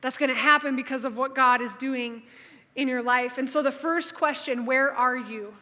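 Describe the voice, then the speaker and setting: A woman pastor giving a sermon in a chatty, upbeat way, reading scripture with lively emphasis. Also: high voice, moderate pace, long reverb tail. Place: church sanctuary.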